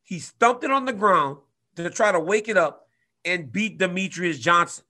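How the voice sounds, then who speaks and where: A man in his twenties telling a story in casual chat, animated, swinging from loud to quiet. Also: high voice, moderate pace. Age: 20s. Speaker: guest fighter.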